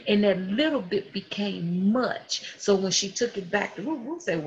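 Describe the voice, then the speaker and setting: A woman preaching a sermon with animated delivery, acting out the people in her stories. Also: medium pitch, moderate pace. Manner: animated, acts out quotes in voices. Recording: dull lo-fi sound.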